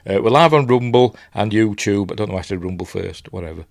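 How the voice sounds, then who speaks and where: A man's voice: fairly low pitch, fast talker, dry recording, studio quality. Chatty Yorkshire man live-streaming. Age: middle-aged. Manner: rambling, self-mocking, chatty asides. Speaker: host of a live movie show. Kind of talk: casual live-stream chat. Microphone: desk mic, level being adjusted.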